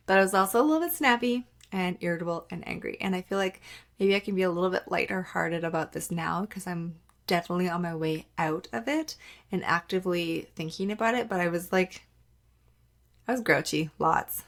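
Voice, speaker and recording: A woman hosting a solo podcast, her voice pitched a little low with a gravelly fry running through it. She talks candidly and casually, peppering her sentences with "like" and acting out her own past remarks. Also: fairly quick. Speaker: podcast host.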